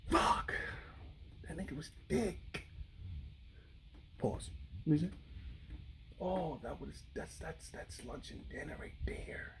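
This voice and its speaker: A man's voice: fairly high pitch, takes it slowly, vocal fry, pauses often, a bit bright, whispered, exaggerated voice. A man voicing a hungry male crocodile who has just missed its prey and mutters curses at itself in exasperation. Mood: frustrated.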